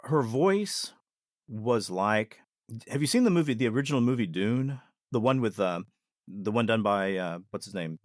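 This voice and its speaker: A man, a podcast guest and former ER nurse, telling a paranormal experience in an earnest, deliberate way that takes its time. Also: fairly low pitch, expressive, no echo, clean studio sound.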